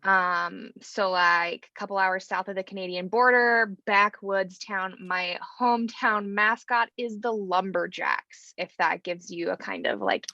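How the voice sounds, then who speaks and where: A woman's voice: mid-range voice, fairly even intonation, unhurried, vocal fry, hardly any pauses, bright, forceful tone, no room sound, highs cut off. A woman in her thirties from rural Idaho, a pastor talking casually in an interview, with lots of fillers. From rural North Idaho, USA. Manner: chatty, many fillers and "like". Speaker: pastor and theologian, guest.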